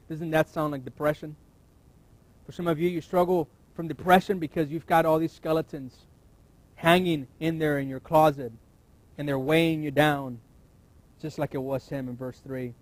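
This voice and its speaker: Pastor with a dry, fairly high voice. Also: male voice, no echo, rough recording. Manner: reads scripture aloud, then preaches in a conversational, emphatic way. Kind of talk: sermon.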